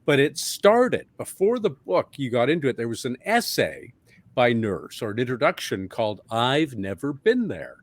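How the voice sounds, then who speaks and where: A middle-aged man from Canada, the guest author on a podcast, telling stories in a lively way. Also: medium pitch, moderate pace. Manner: lively storytelling. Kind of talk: podcast interview.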